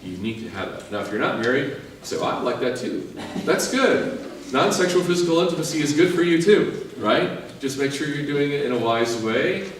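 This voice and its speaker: A male priest preaching a sermon, lively and joking as he urges the listeners on. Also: on the high side, moderate pace, slight background noise. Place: large church. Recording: echoey church from far off.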